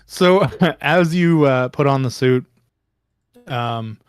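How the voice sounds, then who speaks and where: A man's voice: medium pitch, slow pace, clear, resonant tone, dry recording, clean studio sound. A man narrating a tabletop game as game master, rambling with many ums and restarts.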